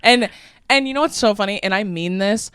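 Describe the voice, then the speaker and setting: A woman's voice: medium pitch, brisk, a bit bright, clean tone, dry recording. A young woman co-hosting a podcast, chatting casually and telling long rambling stories with frequent laughs. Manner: rambling storytelling, laughs often. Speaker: podcast co-host.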